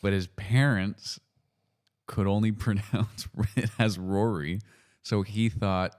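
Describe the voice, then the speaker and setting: A man from Canada hosting a podcast, talking in a relaxed, hesitant way with lots of fillers. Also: on the low side, takes it slowly. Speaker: podcast host. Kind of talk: casual chat.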